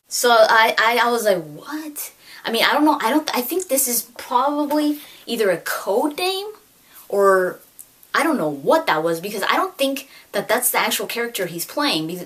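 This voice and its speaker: A woman in her twenties chatting excitedly about gaming news with lots of fillers, recorded at home. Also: mid-range voice. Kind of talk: casual chat.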